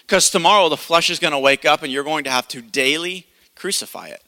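A pastor in his thirties preaches to his congregation, telling a story in an animated way and slipping into the voices of the people in it. His voice is very bright and a little high. The sound rings with the long reverb of a church hall. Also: brisk. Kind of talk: sermon with personal story.

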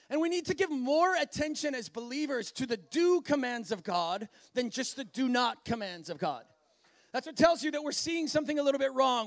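A man preaching a sermon in an animated way, often acting out voices and laughing. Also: very high voice, vocal fry, no room sound, clean studio sound.

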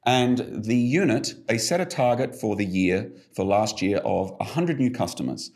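A middle-aged man with a low, gravelly voice talks as a coaching guest on a podcast. He tells his stories with animated emphasis and leans hard on key words. His creaky low tone carries through his explanations. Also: normal speed. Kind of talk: podcast conversation.

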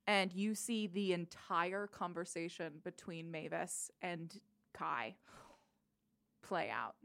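A woman running a tabletop game as game master, narrating in a relaxed, unhurried way. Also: lowish voice, creaky.

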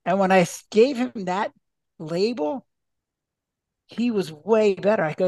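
A man's voice: high voice, lively intonation, a little slow, pauses often, a little mellow, dry recording. A man, a doctor and author, answering podcast interview questions in a chatty way, full of restarts and acted-out dialogue.

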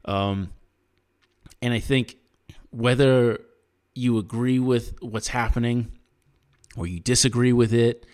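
A man's voice: mid-range voice, steady tone, slow, long pauses, darkish tone. An American man co-hosting a podcast, giving earnest opinions in casual chat with frequent restarts. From United States. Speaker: podcast co-host.

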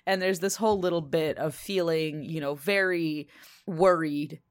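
A woman co-hosting a podcast, retelling a children's book in a chatty, animated way and swearing casually. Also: deep voice, unhurried. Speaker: podcast co-host.

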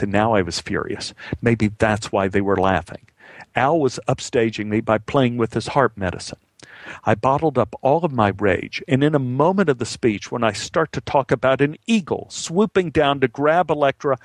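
Gravelly male storyteller. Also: mid-range voice, no echo. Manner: vivid, dramatic delivery. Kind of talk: spoken personal storytelling.

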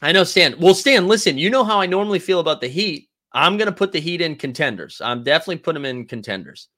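A man's voice: fairly high pitch, animated, fast, a bit bright. A man hosting a casual basketball livestream, rambling through his thoughts and reading viewer comments aloud. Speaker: sports livestream host. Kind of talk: casual chat.

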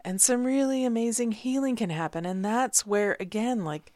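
A middle-aged woman co-hosting a relaxed talk, thoughtful and searching for her words. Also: on the high side, normal speed, dry recording. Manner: thoughtful, searching, many fillers. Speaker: podcast co-host. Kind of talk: casual conversation.

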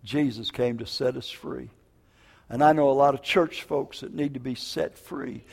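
An older man preaching a sermon as a prison minister, telling stories in an animated, jokey way with stammered restarts. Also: mid-range voice, moderate pace, creaky, husky. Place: church. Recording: reverberant church hall.

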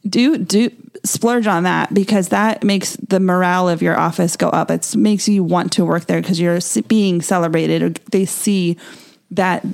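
A woman's voice: on the low side, creaky, darkish tone. A woman, co-hosting a casual chat and explaining things at length. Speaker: podcast co-host.

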